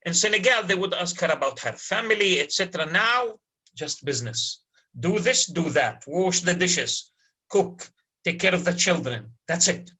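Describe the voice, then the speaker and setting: Man lecturing, breathy and bright. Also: sits high, expressive, moderate pace, poor audio. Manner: repeats key words, checks understanding with the class. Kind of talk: university literature lecture.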